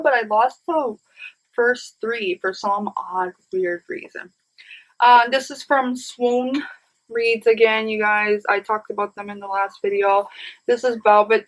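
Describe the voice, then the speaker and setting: A woman's voice: on the high side, fairly bright tone, low-quality recording. Chatty woman showing off a book haul. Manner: chatty and rambling, addresses viewers as "you guys". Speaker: book vlogger. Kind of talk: casual book haul chat.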